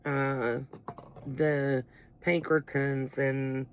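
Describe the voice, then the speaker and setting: A woman's voice: a bass voice, flat delivery, extremely slow, slight background noise. A woman with a Southern Appalachian accent who chats casually to the camera, rambling and folksy and often breaking off her own sentences. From Appalachian coal country, US. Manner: rambling, folksy, interrupts herself. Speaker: vlogger.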